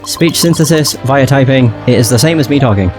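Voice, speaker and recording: A man voicing a terse, robotic male bomb disposal expert in a game, speaking in flat, clipped words. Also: medium pitch, brisk, over music, lightly acted. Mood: robotic, curt. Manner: clipped, flat, word-by-word delivery. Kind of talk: video game dialogue read aloud.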